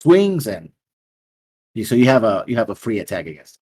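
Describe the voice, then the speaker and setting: Husky low-voiced man running a game. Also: very animated, a little mellow. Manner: halting, rambling scene description. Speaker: game master. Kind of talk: narrating a tabletop game.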